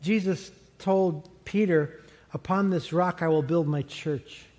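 A middle-aged man preaching a sermon as pastor, conversational and animated, chuckling now and then. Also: on the high side, slow. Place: large church sanctuary. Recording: long hall reverb from a church sanctuary.

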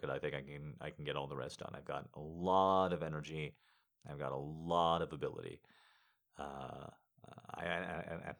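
Deep-voiced man rambling heartfelt to listeners. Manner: rambling, heartfelt, halting restarts. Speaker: audio creator. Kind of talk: casual chat to listeners.

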